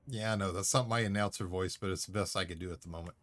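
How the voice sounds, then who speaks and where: A man's voice: low-pitched, fast talker, fairly bright tone. A man streaming a space game, giving live commentary with self-mocking jokes and easy chatter.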